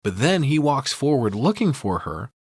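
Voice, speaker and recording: A man's voice: mid-range voice, sing-song, normal speed, darkish tone, breathy edge, no echo, studio quality. A male podcast co-host giving a profane, casual film breakdown. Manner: profane, storytelling recap.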